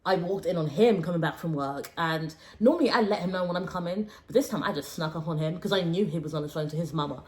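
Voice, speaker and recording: A young woman tells a personal story on a casual podcast. Her voice sits a little low. She speaks frankly and with animation, laughing easily. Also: fast talker, hardly any pauses. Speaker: podcast co-host.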